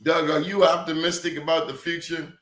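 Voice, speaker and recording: A man's voice: on the high side, flat delivery, fairly quick, a bit bright. A man moderating a political roundtable, asking probing, teasing questions. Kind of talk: political discussion. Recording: roomy echo.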